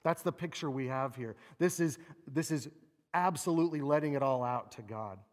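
A man preaching a sermon, animated and expressive, acting out quoted laments with a rising voice. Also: mid-range voice, moderate pace. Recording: long reverb of a large hall.

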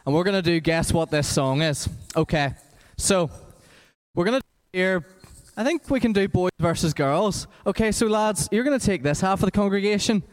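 A man with energetic, encouraging delivery leading a quiz for children in a church. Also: sits high, moderate pace. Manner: energetic, encouraging, talks to a crowd. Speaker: children's worship leader running a quiz. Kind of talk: lively church address to children. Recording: echoey church hall.

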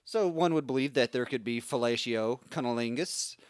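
A man co-hosting a podcast in casual comedic chat, riffing crudely and deadpan. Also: medium pitch, normal speed, clear, resonant tone, no echo. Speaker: podcast co-host.

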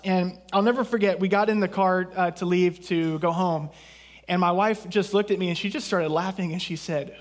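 A man's voice: sits high, fairly even intonation, moderate pace. A man from southeast Texas preaching a sermon as pastor, in a conversational way with jokes and asides.

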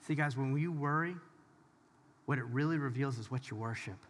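A man's voice: mid-range voice, moderate pace. A man preaching a conversational sermon as pastor, talking straight to the audience in an informal, emphatic way. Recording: long hall reverb.

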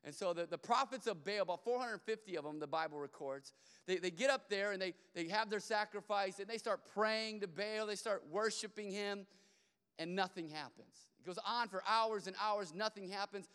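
A pastor delivers a sermon in a relaxed, storytelling way and slips in playful asides. His voice is smooth and resonant and sits a little high for a man. Long reverb from the church hall trails behind each phrase. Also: normal speed. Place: church sanctuary.

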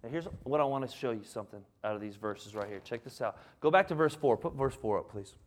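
A man in his seventies with a Southern US accent, preaching a sermon in a folksy, animated way and doing playful impressions. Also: mid-range voice, quick pace. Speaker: pastor.

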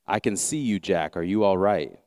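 Give me a man doing a patient, calm voice of God. The voice is steady and unhurried, slightly lowered. It sounds smooth and dry, right at the mic. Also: dry recording. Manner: slow, steady and reassuring.

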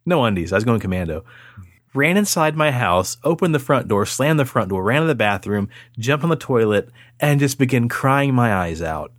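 A man in his thirties co-hosts a casual podcast and spins a crude anecdote with lots of laughter. His pitch swings widely, and the sound is dry and close to the mic. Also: moderate pace, no echo. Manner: animated, crude, laughing storyteller. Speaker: podcast host. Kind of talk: casual storytelling chat.

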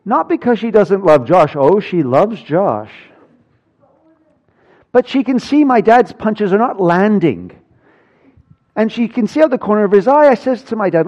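A pastor delivers his sermon in a voice pitched a little high, moving from dry jokes to earnest emphasis. The sound is muffled and lo-fi. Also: lively intonation, unhurried, pauses often, a little mellow. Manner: storytelling, wry humor, rising emphasis. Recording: dull lo-fi sound.

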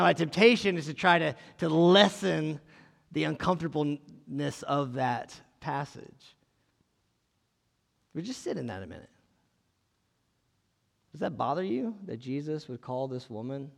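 Guy preaching casual, kinda gravelly, higher voice, lots of hall reverb. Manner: casual, asks the listeners questions. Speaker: pastor. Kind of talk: conversational sermon with Bible reading.

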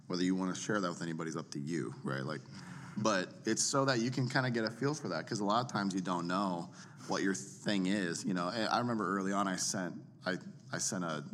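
A man coaching others on public speaking in a casual teaching chat, animated and fond of acting out examples. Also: slight background noise. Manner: animated, demonstrates voices by swinging pitch widely. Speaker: preaching coach.

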